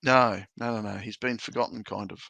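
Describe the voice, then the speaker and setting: A man hosting a podcast in a relaxed, casual chat, drawing his words out with many ums. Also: fairly low pitch, fairly quick, gravelly, dry recording. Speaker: podcast host.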